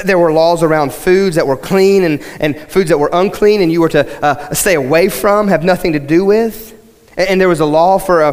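A male pastor giving a sermon, talking conversationally to the congregation and building to emphatic points. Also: fairly high pitch. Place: church sanctuary. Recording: long hall reverb.

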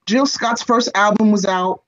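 A woman in her forties, an interview guest, telling a personal story in an expressive, animated way and speaking straight to the host. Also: medium pitch, measured pace. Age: 40s. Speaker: guest, entertainment reporter and screenwriter. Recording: slightly dull lo-fi sound.

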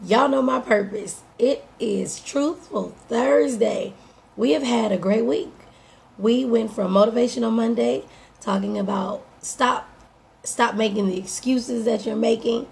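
Hoarse, gravelly woman giving a pep talk. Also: a little high, unhurried, darkish tone. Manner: upbeat, direct, preachy pep talk to listeners. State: slightly hoarse. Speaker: life coach and podcast host. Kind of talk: motivational morning talk.

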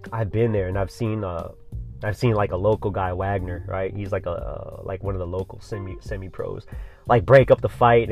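Profane, rambling surfer-bro podcast host. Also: male voice, mid-range voice, darkish tone, lo-fi sound. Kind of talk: casual solo podcast monologue.

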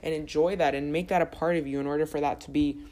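A woman's voice: sits low, fairly even intonation, quick pace, dark tone. A young woman hosting her own podcast, chatting casually and rambling with lots of restarts. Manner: rambling, chatty, self-correcting. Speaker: podcast host. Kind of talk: casual solo podcast chat.

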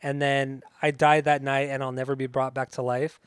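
A man co-hosting a casual music podcast, excitable and swearing a lot, often singing along. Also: mid-range voice, moderate pace, clear, resonant tone, no room sound. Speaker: podcast co-host.

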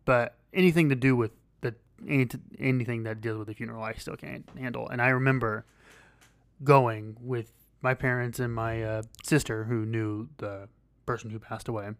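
A man's voice: medium pitch, fairly even intonation, dry recording. Podcast guy rambling along, lots of ums and restarts, dry close sound. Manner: rambling, halting, with many fillers and restarts. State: losing his voice. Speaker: podcast co-host. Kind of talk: casual chat.

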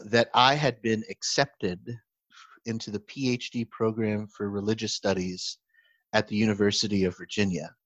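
A man's voice: fairly low pitch, no room sound. A man, a pastor co-hosting a podcast, telling a story in casual chat with lots of laughter and restarts. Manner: animated storytelling, frequent laughter and self-restarts. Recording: slightly muffled, dry recording.

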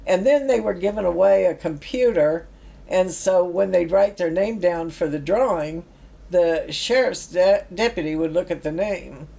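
A gravelly, mellow, lowish voice belongs to a middle-aged woman talking at a moderate pace. She reminisces about her former youth project work in a chatty storytelling style, laughing now and then.

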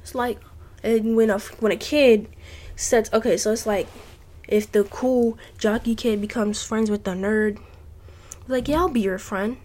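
A woman's voice: fairly high pitch, steady tone, unhurried, warm tone. A woman hosting a casual advice talk from home, earnest and heartfelt, rambling with restarts. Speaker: podcast host. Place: home with family noise nearby.

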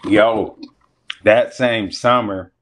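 A young man casually telling a story on a podcast, animated and profane, acting out what people said. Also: fairly low pitch, drawn-out words, a little hiss or hum. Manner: animated, acts out quotes, profane. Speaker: podcast guest.

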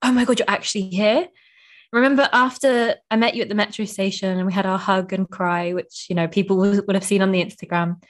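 Young female podcast host, casual and gushing, heavy filler words, mid-pitched. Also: fairly even intonation, fairly quick. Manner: gushing, emotional, heavy use of "like". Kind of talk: casual chat.

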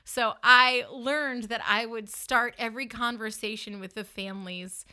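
A woman with a Northern US accent tells her story to the camera in a loose, chatty way. Her voice is bright and forward, and she keeps dropping in "like" and "you know.". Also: a little high, fairly even intonation, measured pace, smooth. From northern United States. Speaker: funeral director telling her story.

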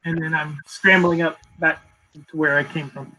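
A man's voice: on the high side, little pitch movement, moderate pace, sharp tone, low-quality recording. A man playing in a tabletop game, playfully narrating his character's moves. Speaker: player. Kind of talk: casual tabletop play.

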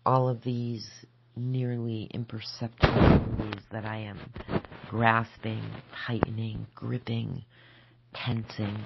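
A woman and spiritual teacher giving a gentle, measured spoken reflection that sometimes sinks into soft whispers. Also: rumbling low, level tone, gravelly, lo-fi sound, very noisy. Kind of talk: slow reflective spoken essay.

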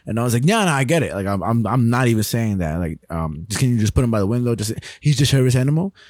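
A man's voice: medium pitch, very animated, quick pace, darkish tone, no room sound. A young man co-hosting a casual podcast, his voice swooping up and down with lots of life as he laughs and swears his way through stories. He slips into impressions of the people he describes. The sound is dry and close. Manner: laughs often, swears freely, acts out people he talks about. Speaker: podcast co-host. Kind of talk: casual chat.

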